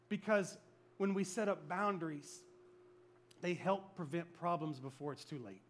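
A middle-aged man preaching a sermon to a church congregation, telling stories in an animated, comic way. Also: on the high side, unhurried. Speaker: pastor. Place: church service before a congregation.

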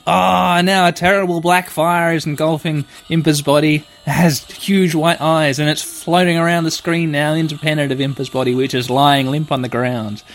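A young man playing a video game, playfully and excitably narrating what happens and reading the text aloud. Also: fairly high pitch, moderate pace, few pauses. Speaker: game player. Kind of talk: let's play commentary. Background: faint game music.

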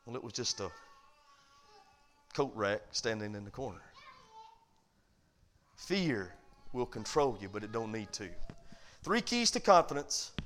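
A man pastor preaching a sermon, animated and calling for amens. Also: on the high side. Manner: animated preaching, calls for amen.

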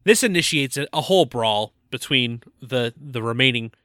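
A man's voice: mid-range voice, lively intonation, moderate pace, fairly bright tone, no room sound, studio quality. A man co-hosting a casual movie-review podcast, joking and recapping the plot with stumbles and laughs. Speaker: podcast co-host.

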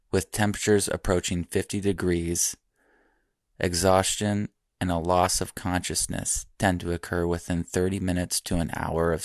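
Deep gravelly male documentary narrator. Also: no room sound, clean studio sound. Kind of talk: scripted narration.

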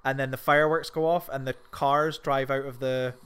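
A man co-hosting a casual film podcast, rambling and excitable, swearing often as he talks. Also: medium pitch, moderate pace, smooth. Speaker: podcast co-host.

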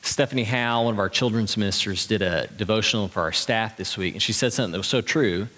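A pastor delivering a sermon in a church, earnest and conversational with light humor. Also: male voice, fairly low pitch, quick pace, sharp tone. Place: church sanctuary. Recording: long reverb of a large hall.

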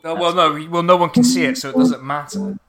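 A man's voice: high-pitched, expressive, brisk, over music. A man hosting his game stream in casual, joking chat, swearing freely and restarting sentences. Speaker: streamer host.

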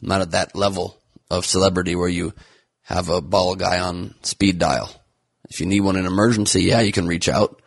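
A man's voice: low-pitched, fairly even intonation, moderate pace, creaky, dry recording, studio quality. A man who is a comedian hosting a podcast, delivering a sarcastic, rambling news monologue full of jokey wordplay.

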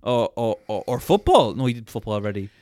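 A man co-hosting a podcast, talking casually in a rambling, sarcastic way with sudden quick bursts. His voice is smooth and resonant, and the recording is dry and close. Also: mid-range voice, big pitch swings, darkish tone, dry recording. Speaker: podcast co-host. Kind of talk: casual chat recapping a film.

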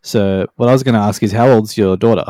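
A man's voice: on the low side, quick pace, mellow, no room sound, studio quality. A man in a laid-back, opinionated casual chat, with fillers like "like" and "man".

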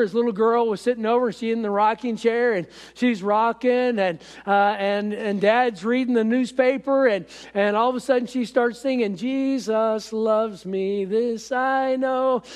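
High-voiced halting male preacher. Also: fairly even intonation. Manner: halting, with many fillers and repeated phrases. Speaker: pastor. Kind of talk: sermon. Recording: echoey hall.

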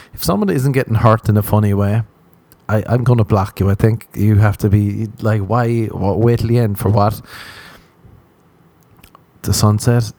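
An Irish man spins a meandering, foul-mouthed comic story with wry asides. His voice sits on the low side and sounds warm and mellow. The recording is dry, with no room sound. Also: no echo. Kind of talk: rambling comic monologue.

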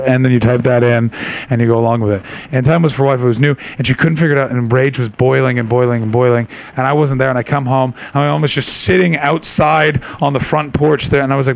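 Gravelly stand-up comic working a crowd. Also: male voice, medium pitch, fairly even intonation, quick pace, poor audio. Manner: gravelly, shouts impressions of angry people. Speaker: stand-up comedian. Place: live comedy venue.

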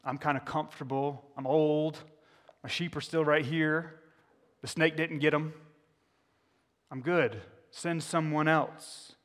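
A man's voice: fairly high pitch, fairly even intonation, slow pace, pauses often, fairly bright tone, long reverb tail. A man voicing a reluctant older male shepherd with a whiny, dismissive tone.

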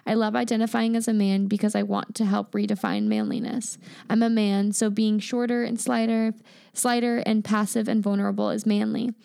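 A woman with a mellow, gravelly voice co-hosts a podcast, chatting casually and agreeing readily. She is recorded dry and close, with no room sound. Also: medium pitch, normal speed, dry recording. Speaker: podcast co-host. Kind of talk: casual chat, reading listener stories.

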